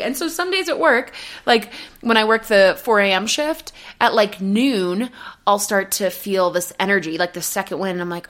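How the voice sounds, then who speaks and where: A young woman talks through a casual podcast monologue in a chatty, animated way. Her voice sits in a middle pitch, and she slips into her own inner voice when she quotes her thoughts. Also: a little fast. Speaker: podcast host.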